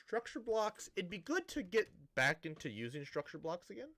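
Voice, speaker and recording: A man's voice: high-pitched, sing-song, moderate pace, a bit bright. A man streaming a building game, chatting casually to viewers in a rambling, self-interrupting way with a dry, sarcastic-sounding tone.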